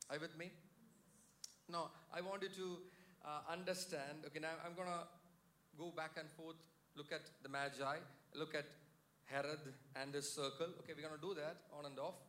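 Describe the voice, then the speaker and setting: Male pastor, sermon, church, fairly high voice, call-and-response. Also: fairly bright tone. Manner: paraphrases scripture with many fillers and restarts.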